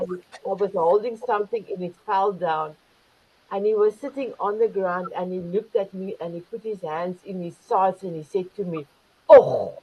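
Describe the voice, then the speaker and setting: A woman's voice: mid-range voice, breathy edge. An older woman hosting an online talk show, effusive and affectionate with her guests, heard over muffled video call audio. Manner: effusive, calls guests beautiful. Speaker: host.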